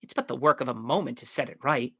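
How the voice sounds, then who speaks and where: A man's voice: medium pitch, fast talker, gravelly, sharp tone, slightly rough, dry recording, studio quality, full character voice. A man voicing a proper, formal aristocratic English teenage girl who speaks disapprovingly. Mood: sweet.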